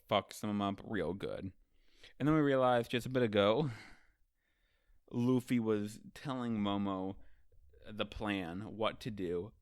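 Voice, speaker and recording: A man's voice: fairly low pitch, smooth, no room sound, clean studio sound. A man hosting a casual manga ranking show, recapping chapters in a loose, profane, chatty way and acting out the characters' lines.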